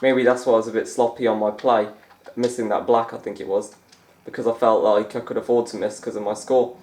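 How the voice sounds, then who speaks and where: A man's voice: fairly low pitch, level tone, brisk, darkish tone, roomy sound. A young man chatting casually over a snooker game as a gaming YouTuber, rambling and laughing often. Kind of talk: let's-play commentary.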